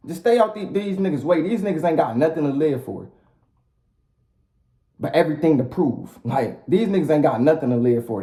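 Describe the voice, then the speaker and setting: Speaking in a slightly high, mellow voice, a man vents to his camera in a casual vlog rant. His language is blunt, profane and heavily repetitive, heard with a roomy echo.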